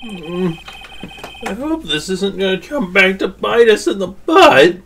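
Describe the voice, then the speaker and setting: A woman's voice: mid-range voice, expressive, a little slow, slight background noise. A woman voicing a flustered young male defense lawyer with exasperated, wry asides in a game fan dub.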